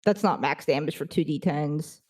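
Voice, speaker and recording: A woman's voice: low voice, normal speed, darkish tone, husky. A woman playing a tabletop game, asking about the rules in a chatty, hesitant way with many fillers. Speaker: player.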